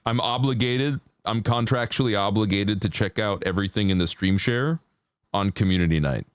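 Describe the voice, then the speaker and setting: A man's voice: lowish voice, moderate pace, clear, resonant tone, no room sound. A man chatting casually with viewers on a live stream while he paints, laid-back and chatty. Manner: laid-back, chatty, sings along to songs in a put-on country twang.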